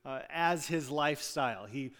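A man preaching a sermon with a slightly high voice, talking plainly and pushing up on the words he wants to stress. His voice rings with a long reverb through a large church hall. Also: moderate pace, fairly bright tone. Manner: conversational preaching with fillers, rising emphasis on key words. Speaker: pastor. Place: church sanctuary.

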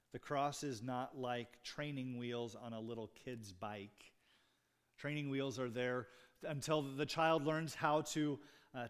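A man preaching a sermon as a pastor, explaining scripture in an earnest, emphatic way. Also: mid-range voice. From United States.

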